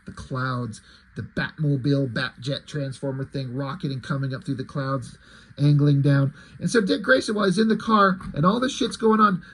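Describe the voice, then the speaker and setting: A man's voice: fairly high pitch, bright, forceful tone, breathy edge. A man reviewing comics in casual, profane, self-deprecating commentary that rambles.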